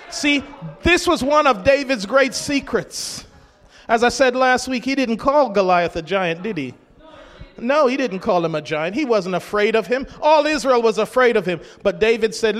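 High-voiced preacher in a reverberant hall. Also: male voice, moderate pace. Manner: rises into shouts to urge the congregation. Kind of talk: sermon.

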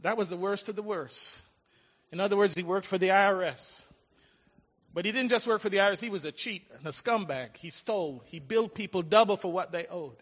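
A man preaching a sermon, swinging between loud calls and hushed, drawn-out lines. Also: sits high. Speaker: pastor. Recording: large reverberant hall with faint music.

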